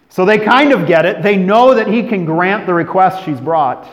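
A man from California preaching a sermon as pastor, moving between emphatic declarations and hushed, drawn-out phrases. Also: sits high, expressive. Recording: long hall reverb.

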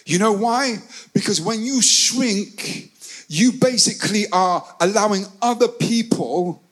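Man, pastor, sermon, high voice, call-and-response, loud-to-soft swings. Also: takes it slowly, rough recording. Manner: animated preaching, swinging between loud calls and hushed asides; repeats phrases and leads call-and-response with the congregation.

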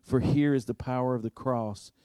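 A man preaching a storytelling sermon, earnest, moving between loud emphasis and hushed, intimate passages. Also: mid-range voice, steady tone, moderate pace, smooth, dry recording, clean studio sound.

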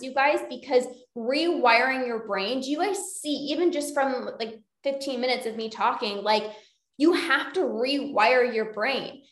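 A woman's voice: sits high, echoey room. A woman hosting a solo podcast as a coach, chatting casually with many fillers and acting out inner voices. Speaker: podcast host and binge eating coach.

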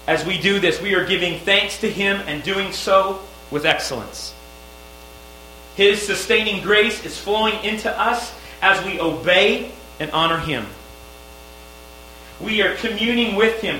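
A man's voice: on the high side, pushed and bright. A male pastor preaching a sermon, emphatic and rising on key phrases. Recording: echoey room with mains hum.

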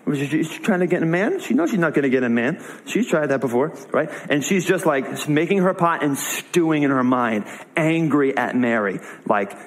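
Young man, preacher, slightly high voice, casual conversational sermon, storytelling. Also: animated, moderate pace, rough recording.

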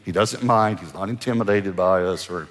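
Man, pastor, animated sermon storytelling, fairly low voice, long church reverb. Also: normal speed. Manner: animated storyteller acting out dialogue.

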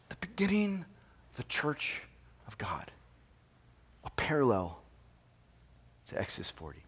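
A man preaching a sermon as pastor. He drops to hushed near-whispers and then climbs to loud, emphatic proclamation, repeats phrases and asks the congregation rhetorical questions. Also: on the high side, very animated, slow, pauses often, breathy edge.

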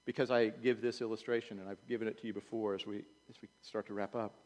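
Preacher guy, gets loud then drops quiet, long echo from the church hall. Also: fairly low pitch, fast. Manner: animated preaching, swings from loud urging to quiet. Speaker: pastor. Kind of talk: sermon. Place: church sanctuary.

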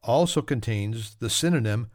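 A man's voice: medium pitch, animated, moderate pace, a little mellow, no echo, clean studio sound. A man hosting a solo trivia podcast, reading facts with joking, self-mocking asides. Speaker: podcast host.

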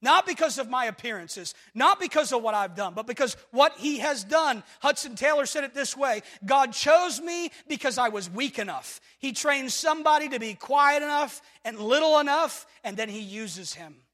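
A man with a very high voice preaches a sermon in a church hall, and his words ring out with a long reverb. He jumps from loud, shouted lines to near-hushed ones and keeps calling on the congregation with repeated refrains. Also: expressive, normal speed, few pauses. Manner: repetitive rhetorical calls to the congregation. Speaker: pastor. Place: church sanctuary.

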